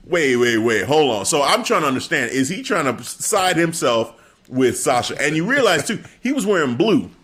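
Rambling man host with a lively voice. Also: on the high side, normal speed, slightly rough. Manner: rambling, self-correcting, asks questions. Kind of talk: casual chat.

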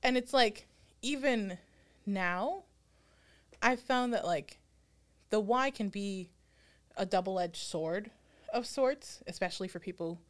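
A woman's voice: medium pitch, takes it slowly, pauses often. Woman, podcast co-host, casual chat, reflective, laughs often, playful quoted voices. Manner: reflective, laughs often, mimics her own inner voice.

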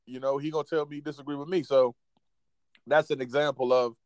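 A man's voice: mid-range voice, steady tone, fairly quick, no room sound. A man in his thirties co-hosting a casual talk show, talking bluntly and profanely about work and life. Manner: blunt, profane, keeps it real. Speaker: podcast co-host. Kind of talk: casual chat.

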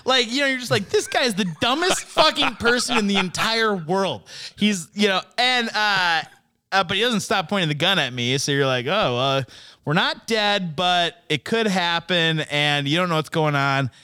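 A young man telling a story in casual chat, animated and profane, laughing a lot and acting out what people said. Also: high voice, moderate pace, smooth, no room sound, studio quality. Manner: animated, swearing, laughing often, acting out quotes.

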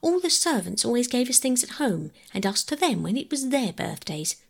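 Earnest little girl, anxious and pleading, raised up bright and a bit husky, woman reading. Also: on the high side, big pitch swings, normal speed, voice pushed up, exaggerated voice. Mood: eager. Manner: pleading, eager. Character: earnest anxious eldest girl, about twelve.

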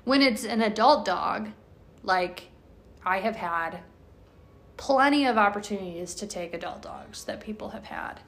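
A woman's voice: medium pitch, animated, a little slow. A woman hosting a podcast, telling dog stories in a blunt, casual way and swearing freely. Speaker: podcast host, dog owner.

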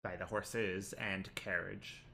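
Hesitant male game master, bright voice. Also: deep voice, flat delivery, takes it slowly, gravelly, a little hiss or hum. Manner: hesitant, many ums while checking rules. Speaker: dungeon master. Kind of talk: running a tabletop game.

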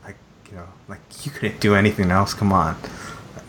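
A man's voice: low voice, level tone, brisk, a bit bright, a little hiss or hum. A young man in casual chat, rambling with many fillers and repeated phrases.

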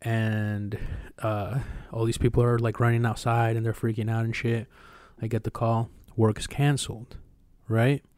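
A young man co-hosting a podcast, telling a long personal story in casual, profane, animated chat. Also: mid-range voice, normal speed, few pauses, dry recording. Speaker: podcast co-host.

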